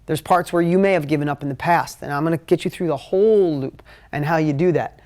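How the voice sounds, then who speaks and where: Energetic male motivational coach. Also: fairly high pitch, fast. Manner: energetic, emotional, conversational. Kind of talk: live motivational talk at a whiteboard.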